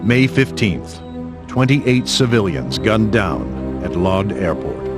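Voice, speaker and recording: A man reading scripted documentary narration in a grave, measured way. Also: on the low side, big pitch swings, over loud music.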